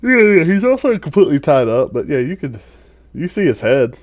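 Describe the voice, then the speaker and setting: A man runs a tabletop role-playing game as dungeon master. His narration is animated and full of chuckles, with a widely swinging pitch and a dry, close sound. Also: brisk, no echo.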